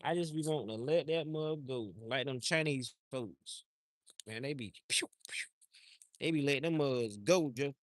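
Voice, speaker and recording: A man's voice: a little high, moderate pace, hardly any pauses, no echo. A man livestreaming outdoors, talking in a loose, rambling, slangy way and often repeating himself. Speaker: livestream host. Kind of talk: casual rambling chat.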